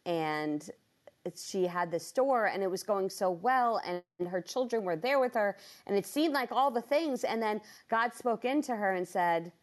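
A woman who runs a business tells a personal faith story. She talks with feeling and her voice jumps high when she acts out her own thoughts. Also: a little slow. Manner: animated, emotional, jumps high when quoting herself. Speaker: business owner and speaker.

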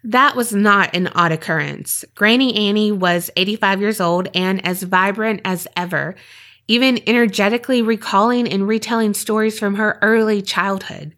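A woman hosting a podcast, reading listener stories aloud in a steady storytelling voice with short asides. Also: medium pitch, moderate pace.

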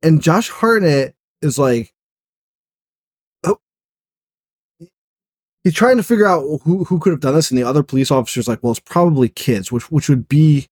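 A man's voice: fairly high pitch, lively intonation, normal speed, long pauses, darkish tone, no echo, studio quality. A man co-hosting a horror movie podcast in casual chat, blunt and exasperated, swearing as he rants. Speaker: podcast co-host.

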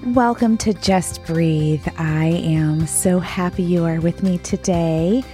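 A woman's voice: on the low side, takes it slowly, dark tone, soft background music. Congested woman hosting a podcast. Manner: earnest, heartfelt. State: congested with a cold. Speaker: podcast host. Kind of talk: solo podcast talk.

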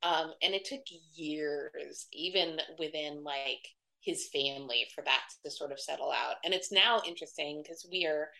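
Chatty woman with a gravelly voice. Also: low voice, moderate pace, few pauses, bright, forceful tone, poor audio. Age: 30s. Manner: chatty storyteller, many "like" fillers, acts out quoted voices. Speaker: guest, wedding website publisher. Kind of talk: casual conversational interview.

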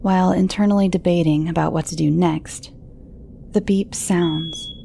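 A woman narrating horror stories in a hushed voice that often sinks into a whisper. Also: lowish voice, fairly even intonation, normal speed, creaky, slight background noise.

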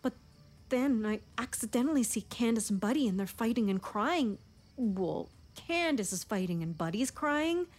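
High-pitched woman in a stammering stage monologue. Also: expressive, darkish tone. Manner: rapid, stammering, comic teen chatter. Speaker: stage performer of a one-woman play. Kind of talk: theatrical monologue.

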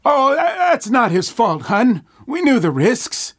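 A man's voice: very high voice, very animated, slow, voice pushed up, exaggerated voice. A man voicing a gleeful, hard-of-hearing old man who belts out his lines in a spooky story. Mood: scolding. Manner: belting, loud.

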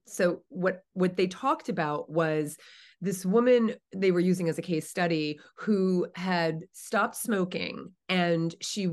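Quick-talking jersey-raised woman guest, keen and articulate, bit low-pitched. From New Jersey. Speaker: guest, author and speaker. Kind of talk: conversational interview.

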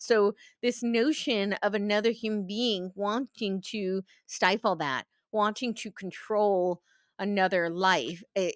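A woman's voice: mid-range voice, dry recording, studio quality. A woman hosting a podcast, talking in a reflective, earnest way. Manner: reflective, earnest, laughs easily. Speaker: podcast host. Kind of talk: podcast conversation.

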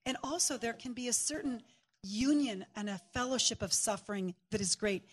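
A high-voiced woman preaches in a church, swinging between scripture and a funny family story. She laughs easily and tells it with lively energy. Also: normal speed, slightly rough. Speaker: guest preacher. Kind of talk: shared sermon with storytelling.

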